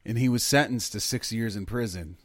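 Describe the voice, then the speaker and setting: Casual, swearing podcast guy, low voice. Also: brisk, no room sound, studio quality. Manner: loose, profane, laughs often. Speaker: podcast co-host. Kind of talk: casual news chat.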